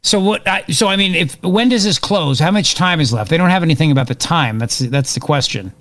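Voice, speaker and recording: Excitable radio host man. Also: fairly high pitch, fairly quick, no room sound. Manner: excitable, rambling, opinionated. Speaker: radio talk show host. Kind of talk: live political talk radio.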